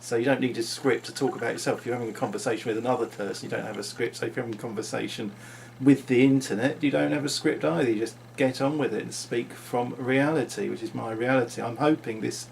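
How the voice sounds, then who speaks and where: A man with a gravelly, creaky voice muses through an unscripted vlog monologue. His pitch sits mid-range for a man, and he wanders from thought to thought, often restarting his sentences. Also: fast talker, few pauses, slight background noise. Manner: rambling, musing, with frequent restarts. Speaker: vlogger.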